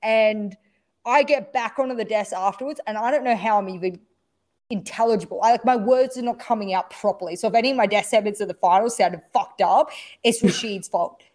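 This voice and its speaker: Woman, esports broadcaster, casual storyteller. Animated, acts out every quote, swears a lot. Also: mid-range voice, brisk.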